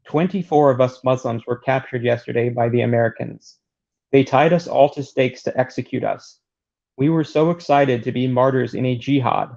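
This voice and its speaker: Brief: man doing a panicked fighter, low gravelly voice, dull lo-fi take. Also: moderate pace, a little mellow, natural voice. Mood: distraught. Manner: distraught, plain reading voice. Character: frightened male fighter fleeing in panic. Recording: dull lo-fi recording.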